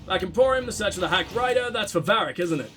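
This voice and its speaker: Excitable high-voiced gaming man. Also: fast, faint music behind. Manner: excitable, chatty, playful. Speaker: let's play host. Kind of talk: casual gameplay commentary.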